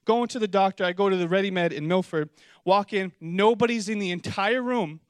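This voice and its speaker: A young male pastor with a high, bright voice tells a comic story from the pulpit. His sound is close and dry, with no room echo. He shifts into excited, animated voices when he acts out what people said. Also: fairly quick, clear, resonant tone. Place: church auditorium with congregation.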